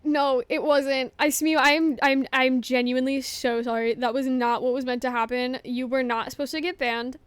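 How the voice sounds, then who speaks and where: Flustered high-voiced young woman streamer. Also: steady tone, normal speed, hardly any pauses, clear, resonant tone, dry recording. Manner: flustered, apologetic, swings from hushed to loud. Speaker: livestreamer. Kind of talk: casual livestream chat.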